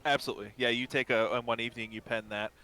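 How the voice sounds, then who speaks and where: Bright-voiced man running a tabletop game. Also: mid-range voice, steady tone, rapid-fire, smooth. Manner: rambling, heavy on fillers. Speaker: game master.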